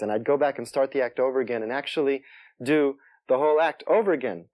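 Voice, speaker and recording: Soft-spoken comedian recalling his start. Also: mid-range voice, dry recording. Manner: soft-spoken, halting with restarts. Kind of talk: interview storytelling.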